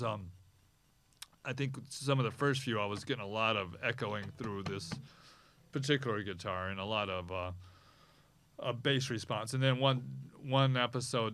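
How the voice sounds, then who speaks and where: A man hosting a podcast, talking in a rambling, halting way, hoarse and losing his voice, in a small podcast studio. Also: mid-range voice, a bit bright, no echo. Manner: rambling, halting, with many restarts. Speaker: podcast host. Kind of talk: casual chat.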